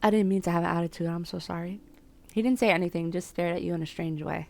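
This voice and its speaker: A woman's voice: fairly low pitch, steady tone, fast talker, vocal fry, a little mellow. A young woman streaming a dating sim, reading the game text aloud and chatting about it in a self-mocking way, laughing often. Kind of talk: casual let's-play commentary and reading game text aloud.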